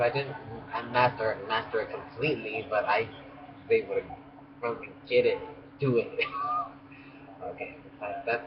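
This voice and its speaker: A young man, a beauty school student, telling a rambling story in a casual vlog, laughing often and restarting sentences. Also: medium pitch. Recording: muffled lo-fi audio with background noise.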